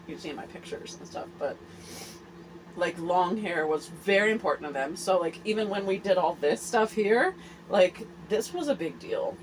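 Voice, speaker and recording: A woman in her forties hosting a candid personal vlog, talking earnestly and haltingly with many fillers and restarts. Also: on the low side, slight background noise, low-quality recording. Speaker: host.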